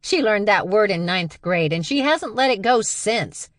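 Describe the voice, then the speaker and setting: A woman voicing a brash, mocking young woman with a loud sarcastic delivery. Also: mid-range voice, lively intonation, unhurried, no room sound, clean studio sound, voice pushed up, natural voice. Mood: teasing.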